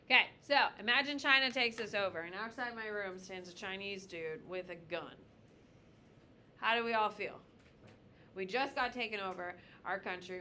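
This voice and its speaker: A woman teaching a high school history class, lecturing bluntly and with jokes while calling on students by name. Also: bright, forceful tone, a little hiss or hum.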